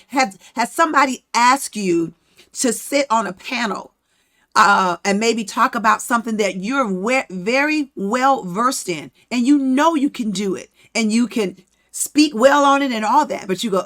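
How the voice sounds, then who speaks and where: A woman's voice: mid-range voice, moderate pace, a bit bright. A woman hosting a podcast, teaching from the Bible in a casual, conversational way and acting out the story. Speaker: podcast host.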